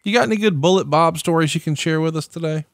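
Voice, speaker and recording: A man co-hosting a podcast who asks an interview question with a brisk lead-in. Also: a little high, a little hiss or hum. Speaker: podcast co-host.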